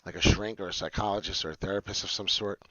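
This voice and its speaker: A man hosting a trading tutorial livestream, talking in an excitable, rambling and self-deprecating way and drifting off topic. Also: on the low side, fast talker, no room sound, dull audio. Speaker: trading channel host.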